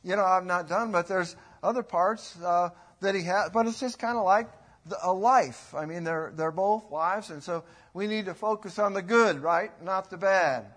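A middle-aged man preaching a sermon in a folksy, rambling way, rising to loud bursts when he quotes. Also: high voice, normal speed.

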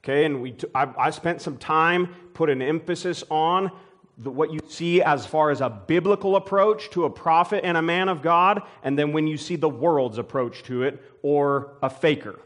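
A man's voice: fairly high pitch, moderate pace, fairly bright tone. A pastor preaching a sermon in his church, folksy and rambling, full of restarts, and building up to emphatic preaching. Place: church sanctuary.

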